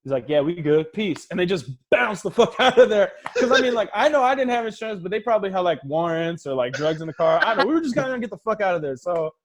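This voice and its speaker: A man's voice: high-pitched, animated, fast talker, hardly any pauses. A man in his thirties doing a stand-up set over a video call, telling casual, profane stories and acting out the voices of the people in them. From Los Angeles. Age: 30s. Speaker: stand-up comedian.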